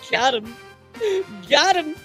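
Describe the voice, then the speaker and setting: A young woman streaming live, excitedly thanking viewers, laughing often and swearing. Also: high voice.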